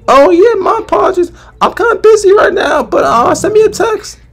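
A man from New Jersey, a streamer, talking in a put-on high falsetto that slips deeper now and then, brash and swearing. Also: expressive, normal speed. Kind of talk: prank chat with a stranger.

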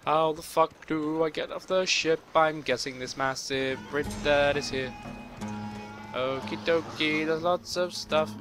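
A man giving profane, excitable gameplay commentary, talking to himself as he plays, with game music behind. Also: on the high side, measured pace. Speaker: gamer playing a video game.

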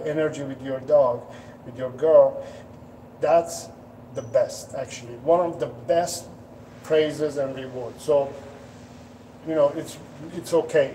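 A man's voice: fairly high pitch, dark tone, distant mic, slight background noise, rough recording. A man who is a dog trainer answering viewers' questions in a casual live stream, patiently explaining and sometimes acting out what a dog might be thinking. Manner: patient, explanatory, acts out dogs' thoughts in playful voices. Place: indoors at home, dogs nearby.

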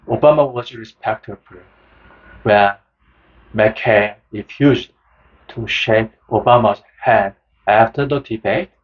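A man reading a book summary aloud as scripted narration, slow and measured. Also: medium pitch, breathy edge. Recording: dull, lo-fi sound.

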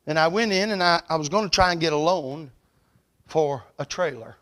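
In a church sanctuary, a male evangelist preacher delivers a storytelling revival sermon at a moderate pace. His slightly high voice rings bright and forceful, swelling loud and high at the climaxes and dropping soft as each point closes.

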